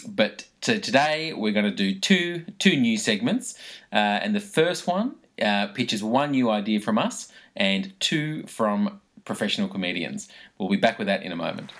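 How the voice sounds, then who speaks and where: A man hosting a casual podcast, laughing often between lines. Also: lowish voice. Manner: laughs often, lively delivery. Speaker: podcast host.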